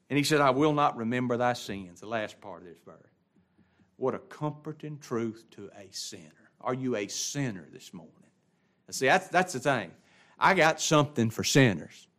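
A male pastor delivering a sermon, swinging between loud, ringing exclamations and quiet, hushed asides. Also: medium pitch. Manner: preaching with sweeping swings from loud exclamation to hushed near-whisper.

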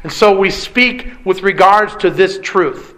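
A man's voice: high voice, unhurried, a bit bright, low-quality recording. A man preaching a sermon with an emphatic, repetitive cadence. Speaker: pastor.

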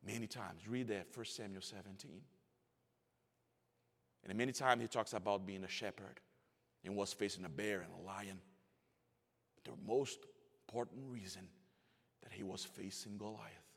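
A pastor in his forties preaching a sermon. He swings from hushed, almost whispered storytelling to loud, rising emphasis, and his English phrasing is slightly non-native. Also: on the low side, fairly even intonation, normal speed, creaky, pauses often, husky. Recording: long hall reverb.

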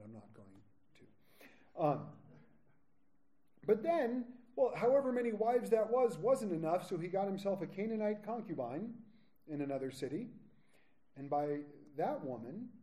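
Male Bible teacher, animated delivery, mellow tone, slightly higher pitch, quips between verses. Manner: lively, with joking asides.

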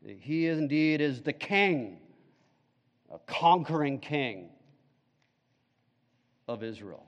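A man's voice: fairly high pitch, very animated, takes it slowly, long pauses, in a large hall. A male pastor preaching a sermon, emphatic, putting questions to the congregation.

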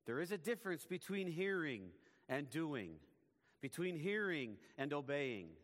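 A man preaching a sermon as pastor, in a measured, emphatic way, his phrases often falling away at the ends. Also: a little high, very animated, a bit bright, long reverb tail.

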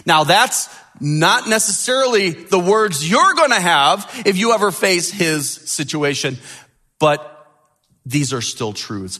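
A man's voice: high voice, sing-song, slow pace, bright, forceful tone. A male pastor preaching a sermon with emphasis, repeating key phrases.

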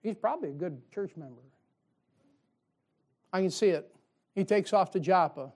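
A man's voice: sits high, expressive, moderate pace, darkish tone. A male pastor preaching a sermon in a folksy way, firing rhetorical questions at his congregation.

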